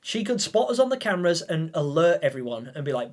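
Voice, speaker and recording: A man's voice: high voice, very animated, a little slow, few pauses. A man livestreaming a game, thanking viewers in a heartfelt, stammering, emotional way. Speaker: gaming livestreamer. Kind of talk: live-stream chat with viewers.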